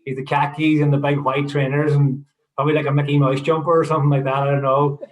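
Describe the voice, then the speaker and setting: A man's voice: on the high side, little pitch movement, fast talker, lo-fi sound. A man co-hosting a podcast, telling an anecdote in a loose, jokey way. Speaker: podcast co-host. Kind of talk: casual podcast conversation. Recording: roomy sound.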